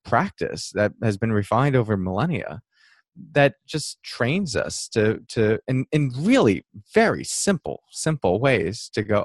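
A mindfulness teacher answers an interview question in a relaxed, reflective way, acting out passing thoughts with small laughs. His voice is medium-pitched and measured in pace, with no echo.

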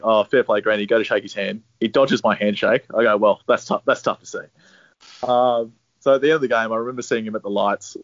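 A man's voice: on the low side, no echo. A young man with an Australian accent, casually telling a long anecdote, laid-back and swearing freely. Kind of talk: casual storytelling. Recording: dry, slightly dull sound.

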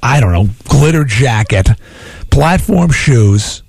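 A man hosting a radio show, telling a long rambling story in a lively, jokey way. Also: medium pitch, slow pace, vocal fry, husky, no room sound. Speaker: radio host. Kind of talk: casual storytelling on morning radio. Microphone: studio microphone.

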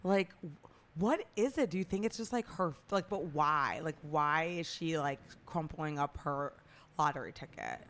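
A woman with a notably low voice, chatting casually about celebrity gossip. She speaks in a loose, opinionated way, peppering every sentence with "like". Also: animated, a little slow, a bit bright. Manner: chatty, heavy use of "like", opinionated. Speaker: podcast co-host.

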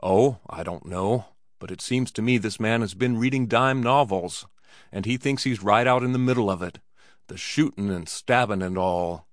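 A man voicing a calm, well-traveled man from the East who speaks in a measured, reflective way. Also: lowish voice, no echo, clean studio sound, natural voice.

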